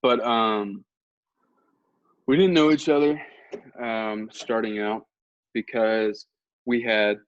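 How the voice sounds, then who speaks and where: A man's voice: fairly low pitch, steady tone, takes it slowly, long pauses, clear, resonant tone, no echo. Young guy podcasting, rambling funny story about himself, dull dry lo-fi sound. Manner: rambling, humorous and self-mocking. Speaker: podcast host. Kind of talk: casual anecdotal storytelling. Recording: dull lo-fi recording.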